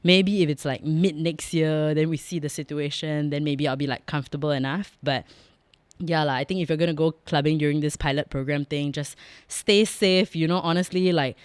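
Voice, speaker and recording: A woman with a Singaporean accent hosts her own podcast from a studio, chatting casually in a frank, joking monologue and laughing often. Her voice is low and clear with a resonant tone, fairly even intonation and a moderate pace. It's captured on a close studio mic with no echo.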